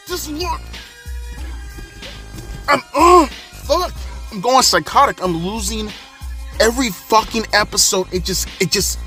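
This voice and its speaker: A man's voice: high voice, animated, measured pace, long pauses, bright, forceful tone, soft background music. A man in his thirties reviewing a wrestling show in an angry, profane rant from inside his car, repeating himself and swearing constantly. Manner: exasperated, repetitive, swearing constantly.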